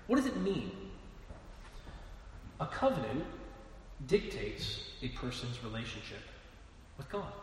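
A man preaching a sermon in a conversational way, asking rhetorical questions and often restarting his words, in a church hall. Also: on the high side. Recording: echoey hall with long reverb, faint noise.

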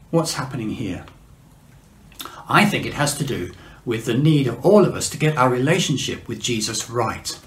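A man preaching a sermon, measured, slowing down for emphasis, with frequent uh fillers. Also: mid-range voice. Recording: echoey room.

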